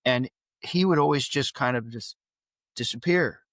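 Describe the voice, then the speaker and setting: A middle-aged father, a podcast guest, telling candid stories in a blunt, animated way that rises when he gets worked up. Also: medium pitch, a little slow, no room sound.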